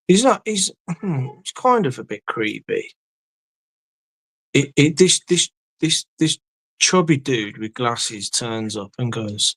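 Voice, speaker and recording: A man's voice: mid-range voice, sing-song, slow pace, fairly bright tone, dry recording. Rambling, cursing man, dry sound. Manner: rambling, heavy swearing, trailing off. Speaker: live streamer. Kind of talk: casual late-night stream chat.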